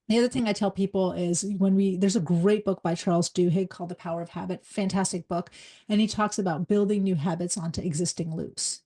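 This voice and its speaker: With a gravelly, medium-pitched voice, a middle-aged woman addresses a live workshop. She is a leadership coach who used to be a psychologist, and she keeps things quick, straightforward and full of energy.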